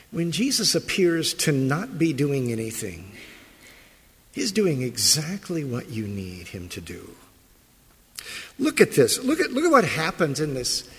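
A man's voice: a little high, wildly swooping pitch, a little slow, long pauses, fairly bright tone, breathy edge. A man preaching a sermon as pastor, reading scripture, praying and then asking his congregation rhetorical questions. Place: church sanctuary. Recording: long church reverb.

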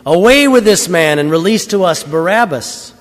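Man voicing an angry shouting crowd. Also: sits high, sing-song, a little slow, long reverb tail, heavily acted. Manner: loud, shouted demands.

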